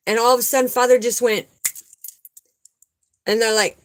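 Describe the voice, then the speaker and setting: The delivery is flat and moderately paced, with frequent pauses, from a woman whose voice is a little high; the recording is rough. She is a spiritual vlogger giving a casual, earnest spiritual talk and personal testimony, repeating herself often for emphasis.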